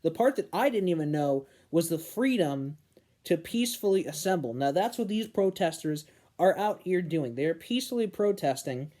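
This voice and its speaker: A man's voice: sits high, expressive, mellow. Earnest young man ranting about politics. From New Hampshire, USA. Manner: earnest, emphatic on key words, slows down to stress points. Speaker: political commentary vlogger. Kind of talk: casual opinion monologue.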